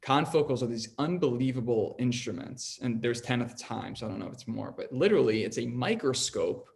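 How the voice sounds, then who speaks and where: A man's voice: medium pitch, expressive, a little fast, creaky, a little mellow. Young guy podcast host rambling thru his story, says like a lot, earnest, regular mid voice. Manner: rambling, heavy use of "like", earnest.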